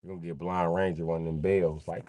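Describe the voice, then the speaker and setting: A man's voice: deep voice, little pitch movement, fast talker, mellow, no echo. A man rambling casually and joking on a livestream, swearing freely and laughing often.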